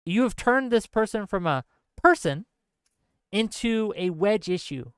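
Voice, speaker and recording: A man giving an impassioned political commentary monologue, earnest and lecturing, speaking straight to his audience in fast bursts with heavy repetition. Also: high-pitched, expressive, clean tone, no room sound. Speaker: political streamer.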